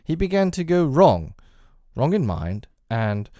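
A man reading aloud, voicing a hearty, boisterous older gentleman doctor in a storybook reading. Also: a little high, big pitch swings, a little slow, dry recording, clean studio sound, voice pushed up. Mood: hearty, blustering. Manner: boisterous, theatrical geniality.

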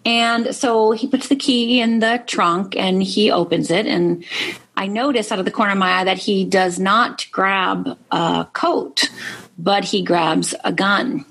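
A middle-aged woman from Upper Michigan speaks as a guest in an interview, recounting her own story. Her voice is somewhat husky at a mid pitch, and she talks earnestly, often tagging lines with "right?". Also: fairly even intonation, unhurried, a bit bright. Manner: earnest, frequent "right?" tags. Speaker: life coach guest.

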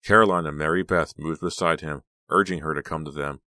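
A man narrating a horror audiobook in a steady, measured reading. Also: very deep voice, no echo, studio quality. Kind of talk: scripted narration.

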